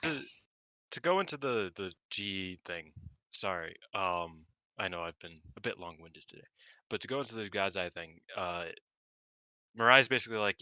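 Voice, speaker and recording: Male podcast co-host, animated rambler, very bright timbre, dry close mic. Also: deep voice, normal speed, dry recording. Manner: excitable, swears, long-winded, laughs often. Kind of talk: casual wrestling review chat.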